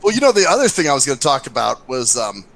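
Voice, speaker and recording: An American man hosting a casual podcast chat, telling stories with a profane, lively manner. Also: mid-range voice, fast, gravelly. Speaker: podcast host.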